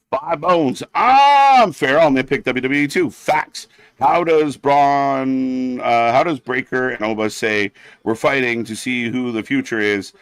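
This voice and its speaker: A man's voice: mid-range voice, a bit bright, no echo. A man hosting a live wrestling watch-along stream, ranting bluntly and sarcastically, swearing often and getting heated.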